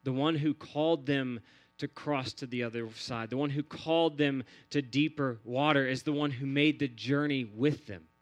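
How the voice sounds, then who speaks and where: A man's voice: mid-range voice, moderate pace. A man preaching a sermon in an earnest, repetitive cadence, building phrase on phrase. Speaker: pastor.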